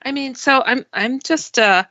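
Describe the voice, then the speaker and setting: A woman guest telling stories in a casual chat, animated and laughing often. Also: high-pitched, unhurried, no room sound, muffled recording.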